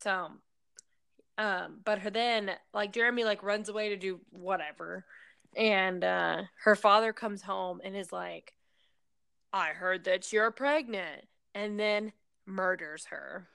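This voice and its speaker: A woman tells a film's plot in loose, casual chat, full of fillers and quick acted-out lines of dialogue. Her voice is bright and crisp with a gravelly rasp underneath. The room sounds dry and close. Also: mid-range voice, fairly even intonation, dry recording. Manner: rambling storytelling with many fillers. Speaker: person recapping a film.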